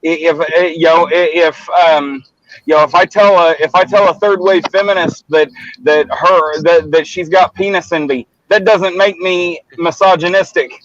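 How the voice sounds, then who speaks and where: Guy ranting blunt and sweary on a livestream, kinda high voice, muffled dry mic. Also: steady tone, normal speed, fairly bright tone, no echo. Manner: blunt, profane, rambling with many restarts. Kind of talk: casual livestream chat.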